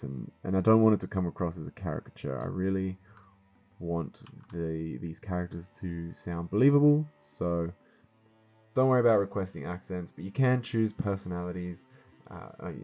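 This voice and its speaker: A man's voice: low voice, warm tone. A man hosting a voiced game series, giving casual gameplay commentary to his viewers in an earnest way, explaining things step by step.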